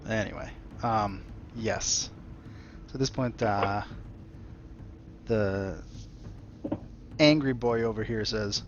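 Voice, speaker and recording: A man narrates a tabletop role-playing session as dungeon master. He speaks casually, pausing on fillers, in a fairly low voice. The sound is dull and lo-fi. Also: background noise. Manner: relaxed, casual, with hesitant fillers.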